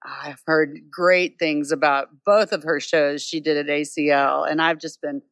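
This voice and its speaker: A woman's voice: low voice, steady tone, measured pace, no echo. A woman singer-songwriter talking casually and enthusiastically as an interview guest, on stage at a bar. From United States. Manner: easygoing, enthusiastic, warm praise.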